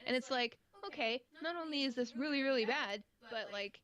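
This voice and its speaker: A woman's voice: high voice, a little fast, a crowd in the background. A woman co-hosting a casual podcast, telling a gaming story with lots of filler words. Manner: animated storyteller, many "like" fillers. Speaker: podcast co-host.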